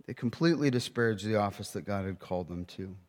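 A man preaching a sermon, emphatic, with rhetorical questions and slowing down to read scripture. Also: lowish voice, expressive, darkish tone, long reverb tail.

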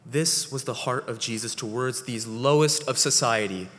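A man preaching a sermon as pastor, slow and deliberate, his phrases sinking soft at the ends. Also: medium pitch, slight background noise. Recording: long hall reverb.

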